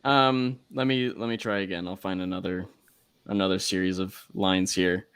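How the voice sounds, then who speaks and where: A man co-hosting a casual talk show who reads lines aloud in a flat, unenthusiastic way. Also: low voice, moderate pace, clear, resonant tone, dry recording, studio quality. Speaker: podcast co-host. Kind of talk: casual chat with deadpan read-aloud bits.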